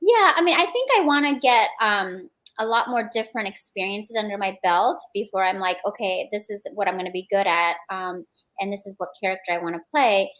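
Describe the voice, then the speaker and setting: A woman's voice: mid-range voice, fairly quick, a bit bright. A young woman, a guest on a radio show, talking about her acting ambitions in a casual, filler-heavy, self-reflective way. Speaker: guest, aspiring action actress. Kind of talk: radio interview.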